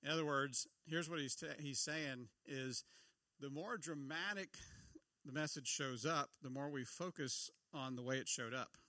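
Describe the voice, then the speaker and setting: A man's voice: medium pitch, measured pace, sharp tone, dry recording. A middle-aged man giving a conversational sermon, often asking his listeners questions. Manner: conversational, asks the audience questions. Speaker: pastor.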